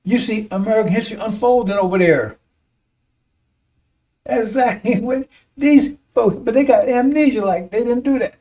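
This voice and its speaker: High-voiced preacher, distant from the mic. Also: male voice, warm tone. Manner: halting, repeats words, keeps asking "see?"; chuckles between points, turns emphatic at times. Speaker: preacher addressing a congregation. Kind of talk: rambling sermon-style commentary.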